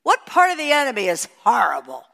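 An older woman teaching a sermon, moving between emphatic high peaks and hushed, quiet asides. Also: brisk, creaky. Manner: expressive preaching, rising to emphatic peaks and dropping to hushed asides. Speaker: Bible teacher. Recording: long hall reverb.

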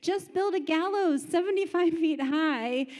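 A woman's voice: very high-pitched, unhurried, darkish tone, voice pushed up. A woman preacher voicing a scornful wife who mockingly goads her husband, with laughter in her voice. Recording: long hall reverb.

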